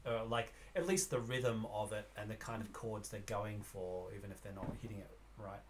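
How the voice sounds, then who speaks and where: A man's voice: on the low side, moderate pace, slight background noise. A man playing a tabletop game, describing his character's actions in a rambling, hesitant way. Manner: rambling, hesitant, full of fillers. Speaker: player.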